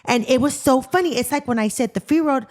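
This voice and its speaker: A woman's voice: high voice, brisk, darkish tone. Chatty woman nurse podcast co-host. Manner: chatty, laughs while telling stories. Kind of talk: casual chat.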